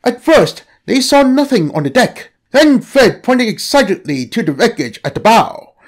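A man reading a story aloud as narrator, in an expressive storytelling manner. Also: extremely high pitch, normal speed. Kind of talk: scripted narration.

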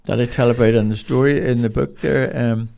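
Older northern irish guy, gravelly voice, rambly lively storytelling. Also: mid-range voice, fairly quick. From Northern Ireland. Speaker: guest, dog trainer. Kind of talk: casual storytelling.

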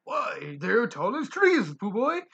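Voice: mid-range voice, wildly swooping pitch, slow, gravelly, sharp tone, breathy edge, voice pushed up, heavily acted. A reader voicing a bold, bouncy tiger who gives emphatic orders. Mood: commanding. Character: bouncy bold tiger, self-appointed guard.

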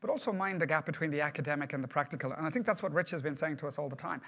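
Male trainer, brisk delivery, slightly high voice, chatty presenter who quizzes the room. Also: fairly bright tone. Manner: conversational, questions the audience. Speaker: project management trainer. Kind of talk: workshop presentation to a group.

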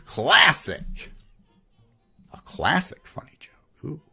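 Male streamer, sarcastic and teasing; somewhat high, swooping voice that rises and falls a lot. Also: sing-song, slow pace, gravelly, sharp tone, husky, soft background music. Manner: sarcastic, mocking; reads other players' chat aloud. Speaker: game streamer. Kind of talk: live gameplay commentary.

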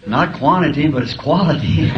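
Man, preacher, folksy storytelling sermon, mid-pitched voice, dull old tape with faint hiss. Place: school auditorium.

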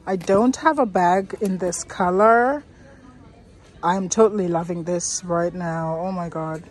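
A young woman vlogging casually while shopping, chatty and excitable, laughing often. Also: fairly high pitch, unhurried. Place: shopping mall.

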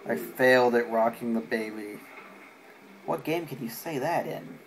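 Slow sarcastic male game commentator. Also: mid-range voice, noisy background. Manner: sarcastic, deadpan asides. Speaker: let's play commentator. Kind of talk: casual gameplay commentary. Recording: game music playing behind.

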